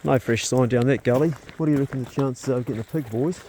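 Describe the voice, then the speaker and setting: A man's voice: mid-range voice, quick pace, dark tone, slight background noise. A man giving casual, chatty vlog commentary outdoors and in a truck, talking to his dogs as he goes. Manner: laid-back, chatty, talks to his dogs. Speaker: vlogger.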